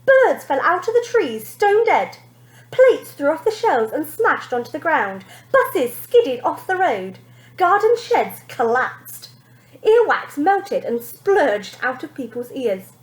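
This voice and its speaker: Woman teacher, storybook read-aloud, lively, animated pitch, echoey room. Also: slow pace. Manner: lively expressive, pointing out pictures. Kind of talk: reading a storybook aloud to children.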